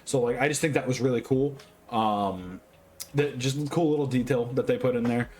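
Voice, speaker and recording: A tipsy man giving a casual movie review, rambling, swearing constantly and getting excitable. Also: medium pitch, moderate pace, a little hiss or hum. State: tipsy, drinking.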